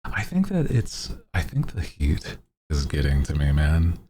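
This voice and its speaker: A man's voice: wildly swooping pitch, unhurried, a little mellow, slight background noise. A male VTuber streamer in laid-back casual chat, greeting viewers by name and chuckling often. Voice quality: deep voice.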